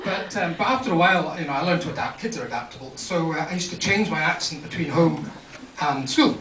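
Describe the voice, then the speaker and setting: A man's voice: fairly high pitch, fast. Wry man doing stand-up, far off. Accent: English with some Scottish. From Scotland. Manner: wry, self-deprecating storytelling. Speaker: stand-up comedian. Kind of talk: stand-up set. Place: comedy club. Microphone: pocket camera in the audience. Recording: roomy, distant club recording with crowd noise. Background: audience laughter.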